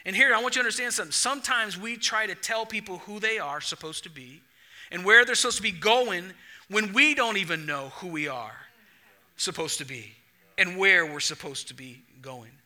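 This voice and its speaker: A young adult male pastor preaching a sermon to his church, telling stories with lively acted-out dialogue. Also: high voice, normal speed. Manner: animated storytelling, acts out dialogue.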